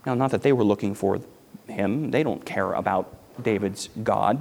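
A man's voice: lowish voice, normal speed, creaky, a little mellow. Earnest male pastor preaching in reverb. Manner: earnest, emphatic preaching with repetitions and dramatic drops to near-whisper. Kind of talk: sermon. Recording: hall reverb.

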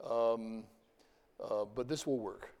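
A man lecturing his class in a lively way, talking to students and chanting examples aloud. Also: mid-range voice, slow, smooth. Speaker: university lecturer. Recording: reverberant lecture hall.

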